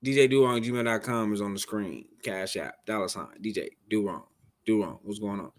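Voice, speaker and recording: A man hosts a live music review as a casual livestream chat, talking in loose, laid-back slang with plenty of swearing. His voice is lowish and his pace moderate.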